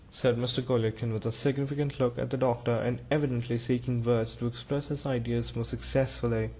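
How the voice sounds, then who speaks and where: A man narrating a classic novel, reading in a measured, even way. His voice sits at a middling pitch for a man. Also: rough recording. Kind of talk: audiobook narration.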